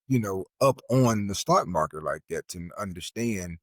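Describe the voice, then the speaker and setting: A man's voice: low-pitched, lively intonation, moderate pace, no room sound. Blunt, swearing middle-aged man. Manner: blunt, profane, storytelling. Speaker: podcast co-host. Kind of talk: casual chat.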